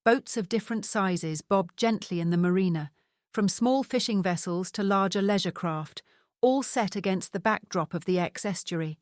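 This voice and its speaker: A woman narrates an audiobook novel at a mid pitch. Her reading is even and measured. The recording is dry and close. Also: no echo. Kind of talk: scripted narration.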